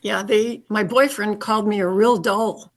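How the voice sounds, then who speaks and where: A woman's voice: medium pitch, steady tone, moderate pace, slight background noise. An older woman with a Michigan accent, reminiscing in a casual interview and chuckling easily. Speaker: listener guest.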